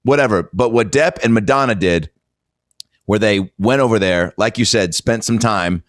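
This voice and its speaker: A man's voice: lowish voice, normal speed, dry recording, studio quality. A male podcast host chatting casually with a guest, joking and laid-back.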